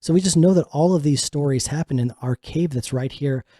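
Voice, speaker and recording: A man's voice: fairly high pitch, brisk, warm tone, no echo, clean studio sound. A man co-hosting a casual radio talk show from a home office in a hillside, rambling and restarting as he tells stories.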